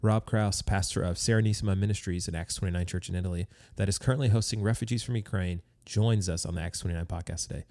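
A man's voice: low voice, steady tone, fast talker, few pauses, darkish tone, no room sound. A man hosting a podcast interview in a friendly, easygoing way, from the United States. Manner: friendly, easygoing, with fillers and restarts. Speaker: podcast host.

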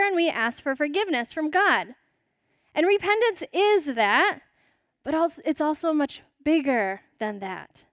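A woman's voice: high-pitched, no echo, clean studio sound. A woman in her thirties preaching a sermon, telling a family story in a conversational way with rhetorical asides before reading scripture.

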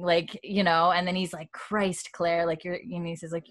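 A woman in casual chat, retelling a show's scenes with bursts of laughter and quick acted-out dialogue. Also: fairly low pitch. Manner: animated storyteller, acts out characters' lines, laughs often. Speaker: podcast co-host recapping a TV episode.

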